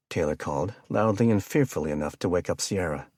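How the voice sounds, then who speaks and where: Male audiobook narrator, deep voice, steady measured read, dry close sound. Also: dry recording. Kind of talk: scripted narration.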